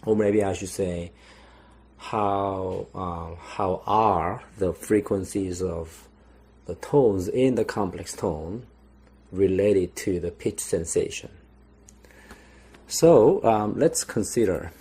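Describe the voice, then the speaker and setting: A young man giving a recorded lecture, explaining slowly with frequent pauses and restarts. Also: sits low, dark tone, breathy edge.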